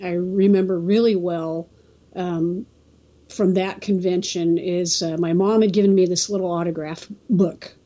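A woman from California's Central Coast, a guest telling a story in a casual, halting way, often restarting and acting out the quotes. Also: lowish voice, fairly even intonation, warm tone, lo-fi sound. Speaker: interview guest.

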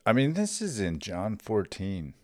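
A man's voice: lowish voice, huge pitch swings, measured pace, no echo, studio quality. A man co-hosting a casual podcast, easygoing, chiming in with short remarks and agreement. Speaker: podcast co-host.

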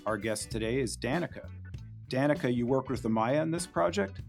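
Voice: medium pitch, expressive, a little fast, gravelly, faint music behind. A podcast host reading a scripted show intro and prompting a guest in a friendly, encouraging way.

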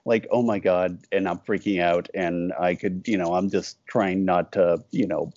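A man's voice: low-pitched, fairly even intonation, normal speed, a little mellow, dry recording, lo-fi sound. A man being interviewed about his cartoons. He talks casually and rambles, breaking off often and acting out little quoted exchanges. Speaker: cartoonist guest.

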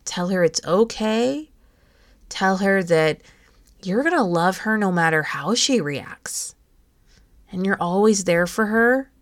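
A woman in her thirties hosting a podcast, giving an encouraging self-help talk in a gentle coaching manner straight to the listener. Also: medium pitch, animated, takes it slowly, no echo, clean studio sound. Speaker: podcast host.

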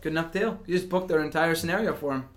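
A man's voice: a little high, fast, background noise. A young man co-hosting a casual podcast, answering in short, blunt, dry remarks. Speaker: podcast co-host. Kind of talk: casual wrestling chat.

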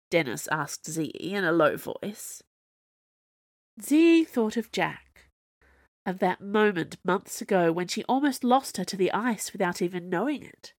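A woman's voice: slow pace, vocal fry, no echo, clean studio sound. A woman author reading her own serial story aloud, acting out the dialogue. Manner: expressive, voices dialogue with big pitch jumps. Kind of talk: storybook narration.

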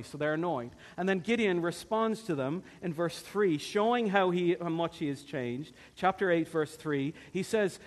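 High-voiced male preacher telling a story. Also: animated, unhurried. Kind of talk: sermon.

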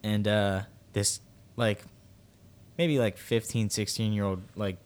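A man's voice: lowish voice, steady tone, takes it slowly. Rambling young man telling a story. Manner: rambling, filler-heavy storytelling with acted quotes. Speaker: podcast co-host. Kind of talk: casual storytelling chat.

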